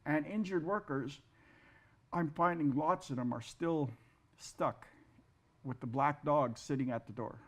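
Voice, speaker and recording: A man who is an artist, talking in a casual interview, halting and repeating words, with self-deprecating humor. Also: fairly high pitch. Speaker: guest artist.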